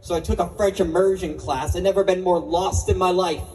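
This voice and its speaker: A man's voice: sits high, steady tone, brisk, warm tone, slight background noise, low-quality recording. A young man doing a stand-up comedy set at an open mic, self-mocking and swearing, laughing at his own jokes.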